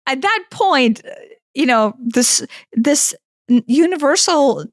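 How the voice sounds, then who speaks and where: A woman's voice: sits high, slow, no room sound, clean studio sound. Chatty woman telling a story. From Kentucky, USA. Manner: animated, rambling, with frequent restarts and "like". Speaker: podcast co-host. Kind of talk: casual storytelling chat.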